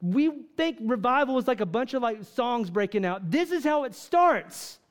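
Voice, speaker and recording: A man's voice: extremely high pitch, animated, normal speed. A man preaching a fervent sermon to a church congregation, full of rhetorical questions and repeated "right?" asides. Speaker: pastor.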